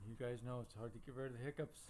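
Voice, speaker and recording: A man vlogging casually while he has the hiccups, talking in a halting way and chuckling between phrases. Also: medium pitch, fairly even intonation, a little mellow, a little hiss or hum. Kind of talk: casual vlog.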